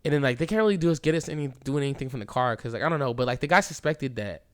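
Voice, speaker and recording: A young man in his podcast seat, telling a story in a loose, animated way. His voice sits at an ordinary pitch for a man. He leans on "bro" and "like" and acts out what people said, sometimes dropping to a hush. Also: rapid-fire, clean tone. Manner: animated, keeps saying "bro" and "like"; acts out quoted lines, drops to a hushed voice at times. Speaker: podcast host. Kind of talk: casual storytelling.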